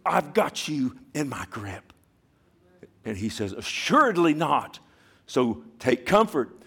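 A middle-aged man preaching a sermon as pastor, swinging from hushed, slow lines to loud, emphatic ones. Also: medium pitch, sing-song, gravelly, husky.

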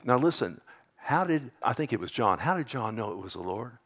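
A man with a Texas accent delivers a sermon in a mid-pitched, down-to-earth voice. He talks to his listeners as if chatting, asks them for amens, and drops low and slow on key scripture lines. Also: sing-song, fairly bright tone. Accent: Texan. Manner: conversational, calls out to congregation for amens. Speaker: preacher.

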